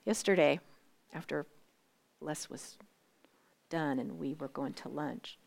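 Animated woman in her sixties, whispering asides. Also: sits low, slow, vocal fry. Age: 60s. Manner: animated and conversational, often dropping to a whisper for emphasis. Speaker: women's Bible study speaker. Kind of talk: faith talk to a live group.

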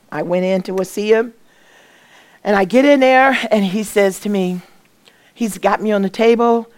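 Woman giving an animated church testimony. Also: medium pitch. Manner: animated storytelling, reenacts voices and dialogue; swings from hushed, tearful quiet to loud exclamations. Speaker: guest speaker sharing a testimony.

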